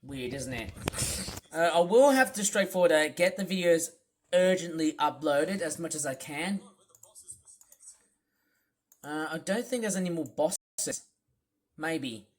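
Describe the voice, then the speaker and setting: Expressive and pitched in the middle range, this gaming host offers meandering commentary full of false starts and filler words. His voice tends to trail away softly as each phrase finishes.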